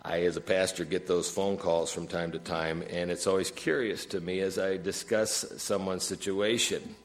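A middle-aged man preaching a sermon as pastor, questioning the congregation and swinging between raised, emphatic lines and quiet, low asides. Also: fairly even intonation, moderate pace. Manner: preaching with wide swings of pitch and loudness, asking the room questions.

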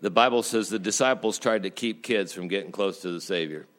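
A man preaching as a pastor in a church, telling jokes in a folksy way and slowing down for emphasis. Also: sits low, a bit bright. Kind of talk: sermon.

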